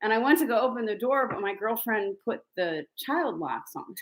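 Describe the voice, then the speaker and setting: A woman's voice: a little high, expressive, moderate pace. Blunt, profane woman telling stories. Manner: blunt and profane, laughing between lines; rambling with many fillers. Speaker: vlogger. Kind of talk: casual storytelling.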